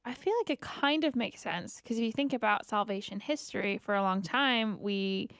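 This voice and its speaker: A woman's voice: medium pitch, moderate pace, fairly bright tone, clean tone, no echo, clean studio sound. A woman co-hosting a radio talk show, musing aloud in casual chat. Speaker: radio co-host. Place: radio studio.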